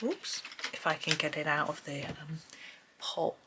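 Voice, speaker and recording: A woman hosting a casual colouring tutorial at home, chatting and thinking aloud as she works, with frequent pauses and hesitations. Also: low voice, heavy background noise. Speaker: colouring channel host. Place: home, at a desk with a tripod camera. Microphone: camera on a tripod.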